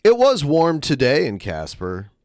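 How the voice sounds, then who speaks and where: A man's voice: on the high side, huge pitch swings, measured pace, a little mellow, dry recording. A male co-host giving dry, matter-of-fact remarks in casual chat.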